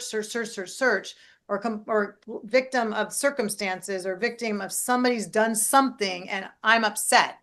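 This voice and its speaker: A middle-aged woman, a life coach and podcast host, talking in a casual, animated way and often checking in with "right?". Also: on the high side. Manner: animated, keeps adding "right?".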